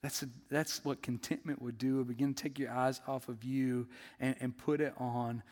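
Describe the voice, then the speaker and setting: A man preaching a sermon as the pastor, in a conversational, animated storytelling way. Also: mid-range voice, normal speed, big-room sound.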